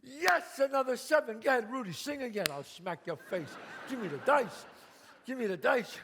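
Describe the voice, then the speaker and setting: A man playing a loud, bossy, profane mob boss in a one-man stage show. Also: extremely high pitch, animated, normal speed, vocal fry, a little hiss or hum, full character voice. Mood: commanding. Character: brash swaggering mob boss man, middle-aged. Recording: live stage, long reverb, faint ambience.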